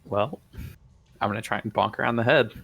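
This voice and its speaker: A man with a low, gravelly voice plays a tabletop game. He eagerly lays out what his character does and reads off his dice rolls. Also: brisk, a bit bright. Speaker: player.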